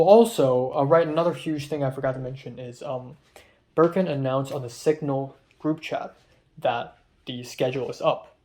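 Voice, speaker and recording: A man's voice: mid-range voice, mellow. A young man who is a film student, talking in a rambling, filler-heavy vlog monologue and sounding stressed.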